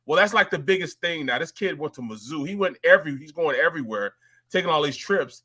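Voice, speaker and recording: A man's voice: fairly high pitch, animated, quick pace, bright, forceful tone. A man from St. Louis hosting casual sports talk, laid-back and rambling. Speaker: host.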